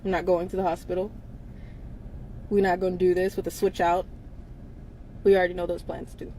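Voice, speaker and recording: A woman's voice: on the low side, little pitch movement, brisk, dark tone, rough recording. Woman on a livestream, blunt and swears a lot, keeps laughing, faint hum behind her. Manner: blunt, profane, laughs often between lines. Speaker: livestream host. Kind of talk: casual livestream talk.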